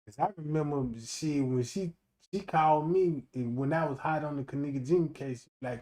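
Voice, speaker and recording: A man streaming a profane comedic rant, swinging from shouting to muttering. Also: a little high, normal speed.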